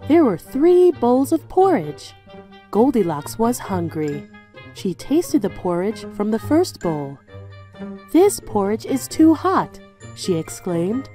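A woman reading fairy tales aloud to children, slowly and expressively. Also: medium pitch. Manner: slow, expressive storybook reading. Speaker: storyteller.

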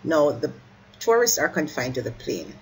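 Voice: mid-range voice, sing-song, moderate pace, a little hiss or hum, poor audio. Teacher explaining a poem line by line. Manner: stops to correct slips, apologizing mid-sentence; urges listeners to keep up.

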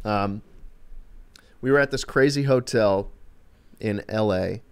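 A man's voice: on the low side, slow pace, creaky, darkish tone, smooth. A man telling loose, amused anecdotes during a live stream, rambling with fillers and casual swearing. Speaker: streamer and co-host.

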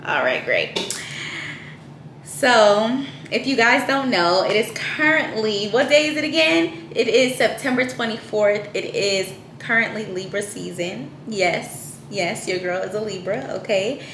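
A woman's voice: medium pitch, a little slow, roomy sound, background noise. A young woman chatting casually to camera in a home vlog, playful and full of slang. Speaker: vlogger. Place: at home, indoors.

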